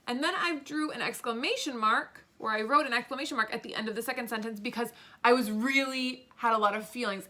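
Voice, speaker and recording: A woman teaching a video lesson to young children as a pre-k teacher, sounding out words letter by letter in a playful, expressive way. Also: a little high, brisk.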